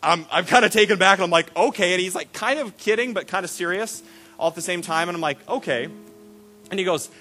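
A man preaching a sermon as a pastor, animated and repetitive when excited, acting out the voices in his stories. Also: high voice, fast, faint music behind. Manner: animated storytelling, acts out quoted voices; repeats words and restarts when excited.

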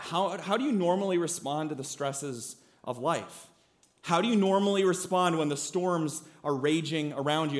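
A man with a high-pitched voice preaches to his congregation. His delivery is emphatic yet conversational. He often tosses in quick "right?" and "okay?" check-ins and calls on the listeners to answer back. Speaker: pastor. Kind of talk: sermon.

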